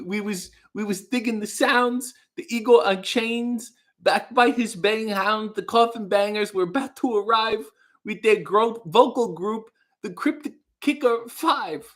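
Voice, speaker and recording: A man's voice: high-pitched, a bit bright, pitched above the performer's own voice. A man putting on a spooky, crooning mad scientist voice, half singing novelty horror lyrics.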